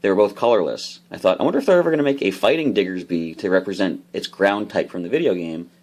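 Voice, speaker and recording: A man with a fairly low voice hosts a casual card unboxing. His pitch swings widely as he talks, and he explains each card's rules with bursts of enthusiasm. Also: expressive, quick pace, a little mellow.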